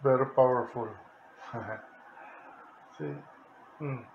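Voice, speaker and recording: Guy with a slow gravelly voice baby-talking his bird, lots of laughing, phone video at home. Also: mid-range voice, fairly even intonation, lo-fi sound, a little hiss or hum. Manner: coos and coaxes a pet bird, laughing often. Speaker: pet owner showing his bird. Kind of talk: casual home video chat.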